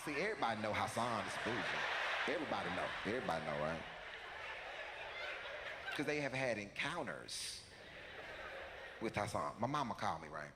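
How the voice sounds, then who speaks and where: Animated male stand-up storyteller. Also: fairly low pitch, normal speed, long pauses. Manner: animated, with repetition for effect. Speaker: stand-up comedian. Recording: live hall with background noise.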